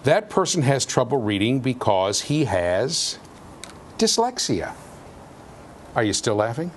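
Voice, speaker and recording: A man giving a university lecture in an animated, jokey way, with sudden loud outbursts. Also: mid-range voice, moderate pace, a little hiss or hum. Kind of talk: classroom lecture. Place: lecture hall.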